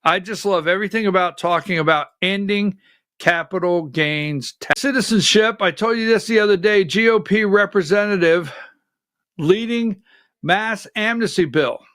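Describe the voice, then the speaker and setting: High-voiced man hosting live political talk. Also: normal speed, fairly bright tone, dry recording, studio quality. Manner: conversational, fires off rhetorical questions. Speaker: political talk show host.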